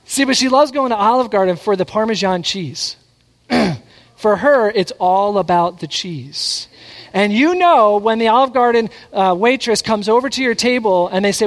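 A man's voice: high-pitched, normal speed. A man preaching a sermon, mixing scripture with family stories and acting out the voices of the people in them. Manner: animated, acts out quotes. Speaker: pastor. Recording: long hall reverb.

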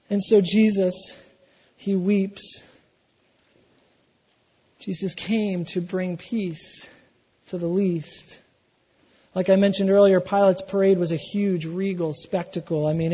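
A male pastor preaching a sermon, telling the story with animation and acting out the quotes, swinging from loud to hushed. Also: high voice, breathy edge. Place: church sanctuary. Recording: dull sound in a reverberant hall.

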